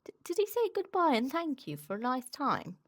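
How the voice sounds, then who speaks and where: A woman voicing a fussy, self-important male rabbit in a storybook read-aloud, talking in a brisk, officious way. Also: high voice, huge pitch swings, dry recording, clean studio sound, pitched above the performer's own voice, heavily acted.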